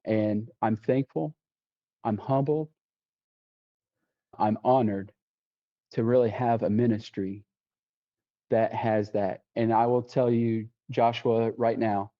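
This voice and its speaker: This deputy sheriff speaks slowly in a steady, lowish voice as he gives his testimony on a podcast. He vividly quotes what people said and frequently starts his sentences over, all on a dull lo-fi recording.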